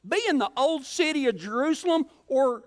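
A preacher from Colorado telling a humorous travel story in a folksy, joking way during a sermon. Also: male voice, very high-pitched, expressive, moderate pace. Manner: folksy, joking, self-teasing.

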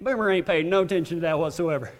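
Speaking fast in a slightly high voice, a man preaches a folksy sermon full of humor in a church hall. He tells a story with drawling asides and laughs along, and the room gives a long reverb.

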